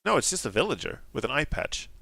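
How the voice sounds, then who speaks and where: A man's voice: mid-range voice, big pitch swings, fast talker, creaky, pushed and bright, a little hiss or hum. A man giving casual gameplay commentary, giggling often, shifting between mumbled asides and sudden alarmed outbursts, apologizing sheepishly. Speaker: gaming streamer.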